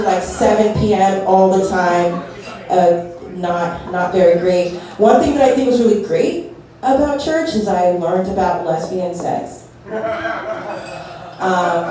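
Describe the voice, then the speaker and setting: A woman's voice: fairly low pitch, dark tone. A young woman doing a stand-up set, nervous and self-deprecating, laughing between jokes. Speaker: stand-up comedian. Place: comedy venue with a live audience. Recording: echoey room from far off, audience noise.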